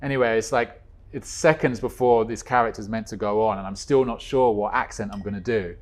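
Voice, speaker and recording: A man guest telling a story in a casual chat, animated, with quick swings in pitch and loudness. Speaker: guest, co-creator of a stage musical.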